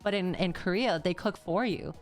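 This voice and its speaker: A woman's voice: lowish voice, normal speed, faint music behind. Rambling young woman streamer, casual slang. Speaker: VTuber streamer. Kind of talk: casual stream chat recapping a trip.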